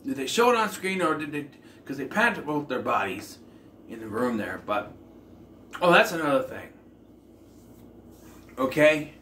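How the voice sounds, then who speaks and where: A man's voice: medium pitch, very animated, unhurried, pauses often, sharp tone, recorded from a distance. A man hosting a casual film review, talking in a rambling, conversational way with lots of fillers and self-corrections. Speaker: film reviewer, channel host. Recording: echoey room with faint ambient noise.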